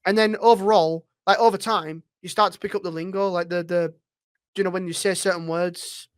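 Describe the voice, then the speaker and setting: A man's voice: high-pitched, fairly even intonation, normal speed, clean tone, dry recording. A man talking as a roleplay streamer guest in a casual interview, rambling and swearing freely.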